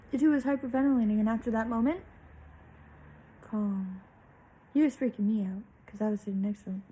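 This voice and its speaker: A woman's voice: fairly high pitch, normal speed, pauses often, warm tone, breathy edge, poor audio. A young woman vlogger telling a personal story in a candid, chatty way, swearing freely.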